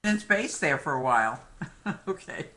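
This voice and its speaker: This man's voice is fairly high and sing-song, with a moderate pace and a sharp tone. A medical exam lecturer giving a live online review, he talks conversationally, jokes now and then, and keeps dropping "okay" and "my friends" between points.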